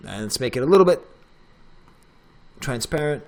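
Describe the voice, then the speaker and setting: A middle-aged man, a professor, walking through a software tutorial in a casual, chatty way as he clicks through the steps. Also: mid-range voice, expressive, moderate pace. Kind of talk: screen-recorded tech tutorial.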